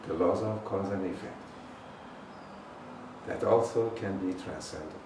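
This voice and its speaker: A man leading a guided meditation as a healing teacher, intoning slowly and deliberately with long pauses. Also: low voice. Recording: roomy echo, voice far from the mic, faint noise.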